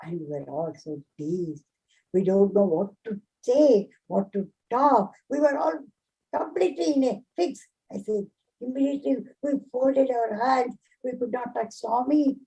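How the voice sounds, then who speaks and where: A woman's voice: on the high side, unhurried, vocal fry, warm tone, slightly rough, low-quality recording. An older woman telling a personal memory earnestly, acting out what people said. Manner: earnest, repeats phrases, acts out quoted speech. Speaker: devotee sharing a memory. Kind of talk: personal storytelling.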